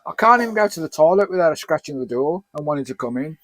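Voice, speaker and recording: A man's voice: on the high side, expressive, quick pace, a bit bright, no room sound. A middle-aged man from Birmingham with an English accent, answering viewer questions in a chatty, rambling and jokey way. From Birmingham, England. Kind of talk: casual chat.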